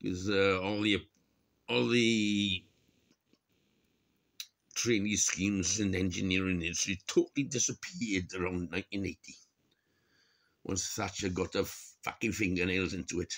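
A man's voice: low-pitched, fairly even intonation, measured pace, pauses often, a bit bright. A middle-aged man from Wales with a Welsh accent, ranting alone and swearing in exasperation, his voice jumping up in mocking bursts. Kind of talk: solo rant to camera.

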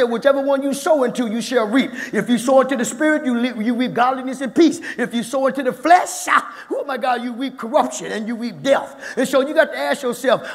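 A man preaching a sermon as pastor in a church, fervent and repetitive, often calling out "my God" and building to shouts. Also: very high voice. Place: church sanctuary. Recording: echoey church hall with long reverb.

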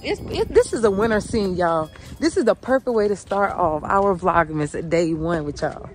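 A woman talks straight to her viewers, excited and chatty while she shivers in the cold. She is outdoors in falling snow and filming on a handheld phone. Faint music plays underneath. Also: on the low side, normal speed. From Georgia, USA. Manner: excited, chatty, keeps addressing viewers as y'all. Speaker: family vlogger. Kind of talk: casual chat to camera.

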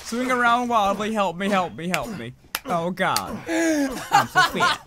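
A terrified young man whimpers and pleads for help in a mocking, whiny way, as a man puts him on. His pitch swoops wildly from word to word, and loud noise hisses under the gaming recording. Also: very animated, a little slow. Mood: mock terror.

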